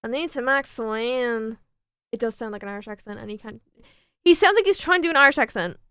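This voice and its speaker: Brief: lively young female streamer, high-ish smooth voice, faint music behind. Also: rapid-fire, no echo, studio quality. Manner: bubbly, chatty, playful. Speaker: streamer and artist. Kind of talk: casual stream chat.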